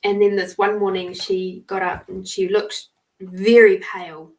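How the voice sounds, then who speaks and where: A woman hosts a live stream in a casual storytelling voice. She rambles along and breaks off to greet viewers. Her voice sits at a middle pitch and sounds a bit distant from the microphone. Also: flat delivery, measured pace, darkish tone. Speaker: podcast host giving live readings.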